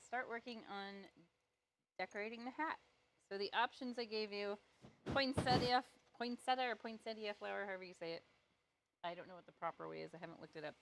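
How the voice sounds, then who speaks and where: Instructor, woman, mid-pitched, casual and playful, talks while painting, pokes fun at herself. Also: expressive, moderate pace, long pauses. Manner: chatty, playful and self-deprecating. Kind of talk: step-by-step live art tutorial.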